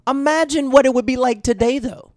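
A man co-hosting a casual podcast chat, telling stories in an animated, rambling way. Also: extremely high pitch, brisk, no echo, clean studio sound.

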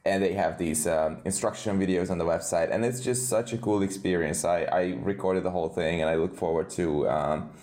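A man co-hosting a podcast, talking in a relaxed way with hesitations. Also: deep voice, a little fast, few pauses. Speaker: podcast co-host. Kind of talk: casual chat.

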